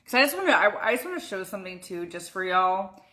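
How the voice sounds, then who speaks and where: Bright-voiced woman chatting with her live stream. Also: medium pitch, big pitch swings, quick pace. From United States. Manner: blunt, swears freely, talks to chat by name. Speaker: vlogger answering live chat. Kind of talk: casual live-stream chat. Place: at home.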